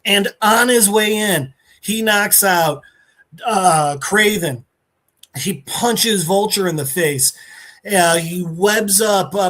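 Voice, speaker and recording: Podcast guy recapping a story, animated, lots of swearing. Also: high voice. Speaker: podcast host. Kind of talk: casual recap chat.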